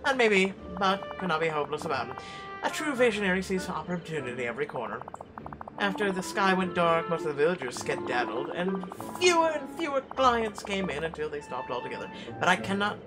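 A boastful, miserly old duck tycoon from a video game, as a man puts him on with a broad, hammy Scottish brogue. The voice is loud and swoops widely in pitch. Game music plays steadily underneath. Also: low-quality recording. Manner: reads game dialogue aloud in a loud, lively put-on voice.

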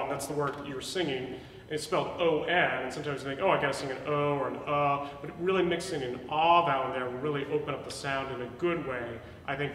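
A man's voice: a little high, fairly bright tone, slight background noise. A male voice teacher coaching a student, talking in an encouraging, explanatory way with many fillers. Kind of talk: voice lesson coaching. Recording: echoey room, mic far off, with piano.

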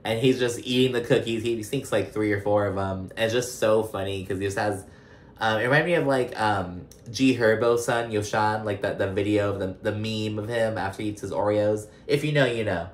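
A man recaps a reality show in chatty, profane commentary stuffed with fillers. His voice is on the low side, his pace a little fast, and the recording has a roomy echo.

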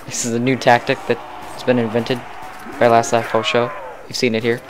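Excitable young man commentating a game. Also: mid-range voice, background noise. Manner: excitable, chatty, quick to laugh. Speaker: gamer narrating a co-op zombie match. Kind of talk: casual gameplay commentary.

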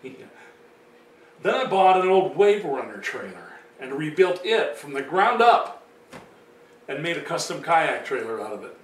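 Chatty male vlogger, slightly high voice, roomy sound from a distant mic. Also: sing-song, measured pace, long pauses. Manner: rambling, chatty, with many fillers. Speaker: vlogger telling his own story. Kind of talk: casual storytelling monologue.

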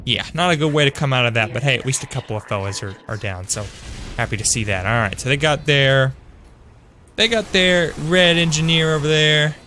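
Medium-pitched, fairly quick and sharp in tone, this young streamer narrates his live shooter gameplay, cheerfully greeting viewers by name. He frequently corrects himself partway through sentences and lets thoughts trail off into fillers.

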